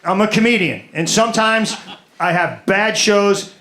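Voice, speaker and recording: A man's voice: high-pitched, expressive, unhurried, a bit bright. A man doing a stand-up comedy set, rambling and exasperated, repeating his words as he rants. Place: comedy stage with live audience. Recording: roomy club with audience noise.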